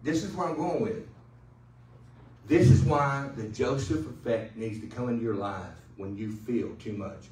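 A male pastor preaching to his congregation in a relaxed, chatty way, cracking jokes and checking in for an "amen." His voice sits at an ordinary pitch. It carries through a roomy church from a little way off the mic, with faint ambience behind it. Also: moderate pace, distant mic, slight background noise. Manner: conversational, joking, with call-and-response. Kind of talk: sermon. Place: church sanctuary.

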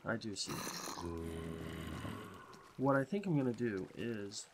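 A man in casual game commentary, rambling and easygoing, who slips into a higher sing-song voice to coax animals. His pitch sits mid-range for a man, and he chews a cough drop while talking. A steady hiss of background noise runs under the recording. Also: slow. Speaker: gameplay commentator.

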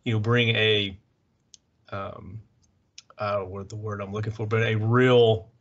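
A man with a Southern Tennessee accent hosting a casual podcast interview and asking relaxed follow-up questions. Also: lowish voice, measured pace. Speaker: podcast host. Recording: lo-fi dull audio.

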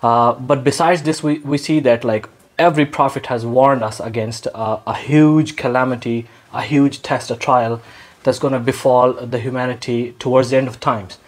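A man hosts an interview, introducing his guest and the series in a measured, careful way. His voice sits at a middle pitch for a man. He pauses often between phrases as he lays out his questions. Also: fairly even intonation. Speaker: host.

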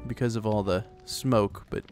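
A man's voice: on the low side, steady tone, moderate pace, a little mellow, soft background music. A man hosting a let's play, chatting casually and rambling as he plays, often talking to the animals in the game. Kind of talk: casual gameplay commentary.

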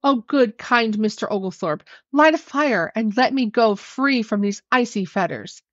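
Storybook water ghost, female, pleading, fretful, lively pitch, dull sound, as a woman voices her. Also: unhurried, no room sound. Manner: pleading, desperate.

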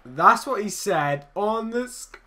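A young man giving excitable, swearing commentary over his own football video game match, teasing his opponent. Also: high voice, slow pace. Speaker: gaming YouTuber. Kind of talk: live gameplay commentary.

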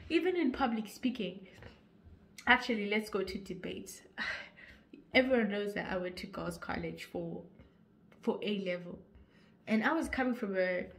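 A young woman with a Zimbabwean accent, giving an earnest motivational vlog talk on insecurity. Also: mid-range voice. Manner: earnest, preachy, rising to forceful urging. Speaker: YouTuber.

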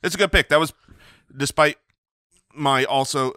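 A man's voice: fairly high pitch, moderate pace, pushed and bright, no room sound, studio quality. A man co-hosting a comedy podcast, rambling through playful, self-mocking rants in casual banter. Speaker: podcast co-host.

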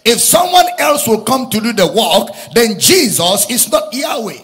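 Male preacher, high and animated, sing-song emphatic sermon in an echoing hall. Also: a little slow. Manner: emphatic, repeats lines, rises into sung preaching cadence.

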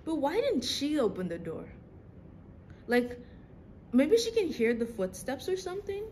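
A young woman reacts to a drama episode in a casual, slang-filled chat, often breaking into laughter. Her voice sits high and swoops all over the place. A faint hiss runs under the recording. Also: sing-song, unhurried, darkish tone. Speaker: reaction video host.

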